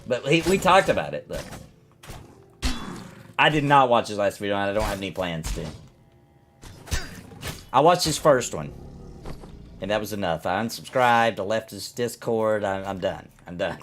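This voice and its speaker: A man's voice: lowish voice, big pitch swings, normal speed, pauses often, fairly bright tone, slight background noise. Rambling man streaming a game. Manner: rambling, ranting, reacting to chat. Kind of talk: casual live-stream chat.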